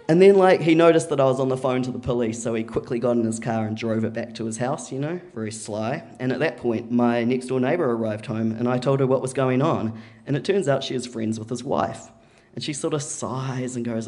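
A man's voice: mid-range voice, a little fast, a little mellow. A man telling a story at a live event, in a casual, chatty way with plenty of "like" and "you know". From New Zealand.

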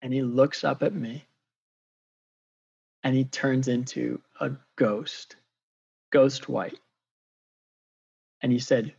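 A man sharing a faith story as an excitable, chatty storyteller, with many fillers. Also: medium pitch, slow, gravelly, long pauses, slightly rough, highs cut off. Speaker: faith coach. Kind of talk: animated storytelling testimony.

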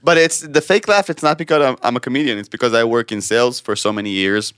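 A man's voice: medium pitch, fast talker, a bit bright, smooth, dry recording, clean studio sound. A man with an Israeli accent, co-hosting a podcast as a comedian, chatting casually, joking and laughing a lot. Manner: jokey, laughs a lot, repeats words.

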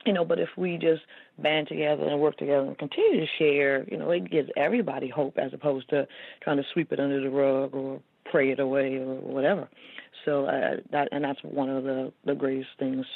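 A woman's voice: a bass voice, steady tone, brisk, vocal fry, no room sound. A woman author speaking as a guest in a casual interview, talking earnestly with many fillers. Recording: tinny phone-line audio.

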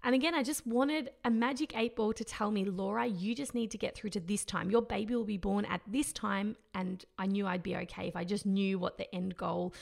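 Candid woman, gravelly laughing voice. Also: mid-range voice. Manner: candid, laughs often, rambling with fillers. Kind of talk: candid personal storytelling.

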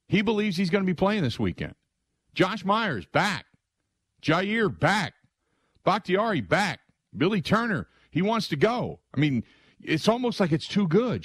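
A middle-aged male sports radio host, telling a long rambling story full of asides in an excitable way. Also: high voice, moderate pace, no room sound, clean studio sound. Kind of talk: animated storytelling monologue.

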